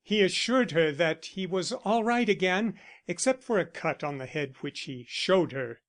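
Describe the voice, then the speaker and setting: High-voiced male audiobook narrator. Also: expressive, normal speed, a bit bright. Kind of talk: scripted narration.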